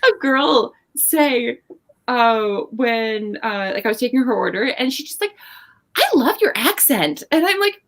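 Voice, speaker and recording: A woman's voice: on the high side, lively intonation, measured pace, a bit bright. A young woman from Canada with a Canadian accent, chatting casually as co-host, with lots of fillers. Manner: chatty, many fillers and likes. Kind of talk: casual chat.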